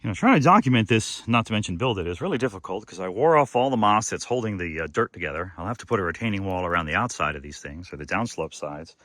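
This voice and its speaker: A man's voice: low voice, animated, fast talker, hardly any pauses, fairly bright tone, dry recording, clean studio sound. A man narrating to himself while building outdoors on a slope, wry and joking, a little short of breath. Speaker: DIY builder vlogger. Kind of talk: casual self-narration while working.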